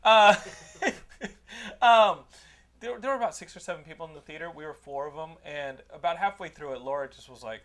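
High-voiced rambling man swearing and laughing. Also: fairly quick, a bit bright. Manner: rambling, profane, laughing storyteller. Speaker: podcast host giving a movie recommendation. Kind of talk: casual podcast chat.

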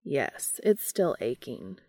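Woman reading a deadpan angel guy, super formal, low voice, dry close mic. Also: slow, gravelly, no room sound, full character voice. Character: stiff, literal-minded male angel in a man's body. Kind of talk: fan fiction audiobook reading.

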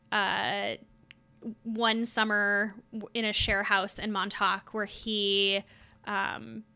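Bright-voiced young woman, podcast co-host, chatty book talk. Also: medium pitch, smooth. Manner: chatty, upbeat, many filler words. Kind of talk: casual chat about books.

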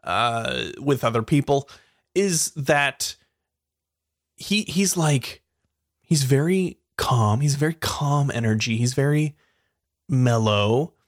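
A woman co-hosting a casual comedy podcast, giggly and animated, often jumping into high squeals. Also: slow pace, long pauses, no echo, studio quality. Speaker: podcast co-host.

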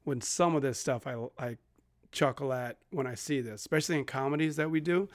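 A man's voice: medium pitch, brisk. A man co-hosting a podcast, chatting casually about old films in a laid-back, rambling way and swearing freely. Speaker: podcast co-host.

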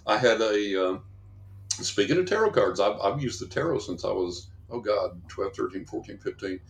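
A man, a psychic guest, chatting and telling stories in an animated way. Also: fairly low pitch, normal speed, creaky, roomy sound. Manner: animated, acts out quoted voices; casual chatty. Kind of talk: casual storytelling.

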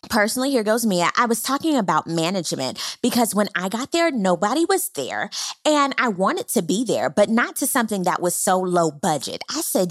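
A woman's voice: medium pitch, sing-song, moderate pace, no echo, studio quality. A woman giving a sassy, casual recap of a reality show, dramatically quoting the cast. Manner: sassy, dramatic, quotes people in exaggerated voices.

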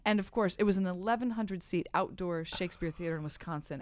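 Middle-aged woman, stage actress, podcast guest, animated storyteller, self-deprecating, dry close sound. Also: lowish voice, fast, dry recording. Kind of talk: conversational interview.

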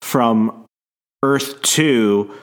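Podcast guy, kinda halting, dry jokes about comics. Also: mid-range voice. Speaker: podcast co-host. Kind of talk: casual chat.

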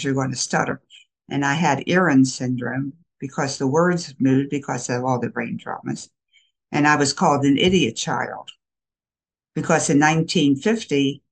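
An older woman, a counselor, talking in a casual interview in a slow, emphatic, reflective way. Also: extremely low pitch, vocal fry, husky. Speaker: guest counselor.

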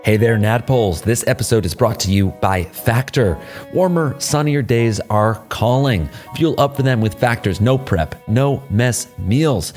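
Host guy doing a sponsor read, brisk salesy, soft music under it. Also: medium pitch. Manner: brisk promotional delivery. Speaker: podcast host reading ads.

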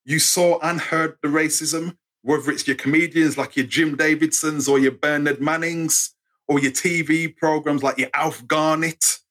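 A man in his fifties with an English accent, a guest telling animated stories in a casual interview. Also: a little high, normal speed. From England. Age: 50s. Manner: animated, acts out voices in anecdotes. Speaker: guest storyteller.

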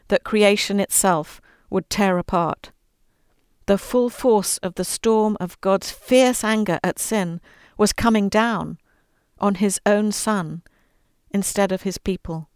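A woman's voice: mid-range voice, clean tone, no echo, studio quality. A woman speaking earnestly as an interview guest, then reading aloud from her storybook, giving quoted lines a little voice of their own.

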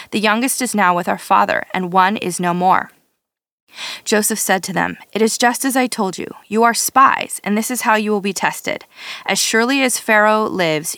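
A woman's voice: medium pitch, no echo. Woman reading scripture, dry sound. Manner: steady, measured reading with occasional slips and restarts. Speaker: scripture reader.

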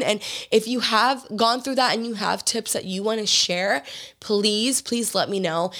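A woman with a raspy, hoarse voice worn down by illness hosts her own podcast. She speaks earnestly and openly in a loose, chatty way, leaning on casual fillers as she talks straight to her listeners. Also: mid-range voice, fairly bright tone. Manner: earnest and open, lots of "like" fillers. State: hoarse from being sick. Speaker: podcast host. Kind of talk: casual solo podcast talk.

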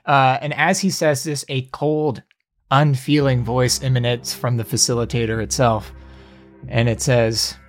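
A man's voice: mid-range voice, little pitch movement, unhurried, soft background music. Laid-back male game master. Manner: casual, self-deprecating, laughing often. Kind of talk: narrating a tabletop game.

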